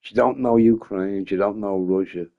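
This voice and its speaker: A man's voice: on the low side, fairly even intonation, normal speed, phone-quality sound. A young man chatting casually on a gaming stream, rambling, swearing freely and often breaking into laughter. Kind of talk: casual live-stream chat.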